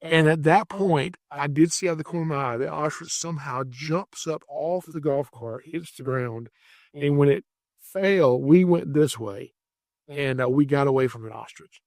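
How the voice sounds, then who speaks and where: A man telling a rambling animal story in a casual, animated way, stumbling and restarting as he goes. His voice sits a little high. The recording is dry and close, with no room sound. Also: moderate pace, no echo. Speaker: podcast host, wildlife catcher.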